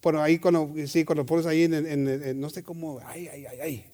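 A man preaching a sermon, switching between English and Spanish, calling out amen and hermanos, swinging from loud to soft. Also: fairly high pitch, fairly even intonation, quick pace. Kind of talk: bilingual sermon.

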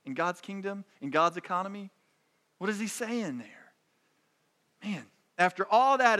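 A man's voice: high-pitched, expressive, moderate pace, pauses often, sharp tone. A man preaching a sermon in a conversational, emphatic way, often restarting his phrases. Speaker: pastor.

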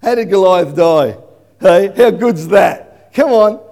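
High-voiced male preacher in a reverberant hall. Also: takes it slowly, creaky. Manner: animated storytelling, bursts into shouting. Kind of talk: sermon.

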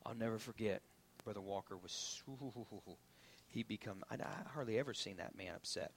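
A man preaching a sermon as pastor, swinging from loud preaching to hushed whispers. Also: on the low side, normal speed, slight background noise.

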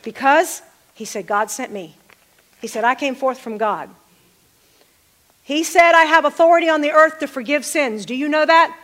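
A woman's voice: high voice, normal speed, pauses often, fairly bright tone. A middle-aged woman preaching a sermon, calling out to the congregation and repeating phrases for emphasis.

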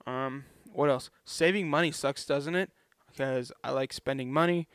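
Rambling young man, smooth dry voice. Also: medium pitch, normal speed, a bit bright, dry recording. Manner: rambling, chatty, self-deprecating. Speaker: vlogger. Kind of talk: casual rambling vlog.

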